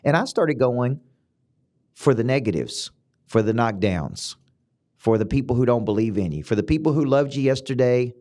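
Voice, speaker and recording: A middle-aged man with a Southern US accent, hosting a motivational podcast as a business coach, talking emphatically and repeating himself, with sudden upward jumps in pitch. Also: lively intonation, moderate pace, darkish tone.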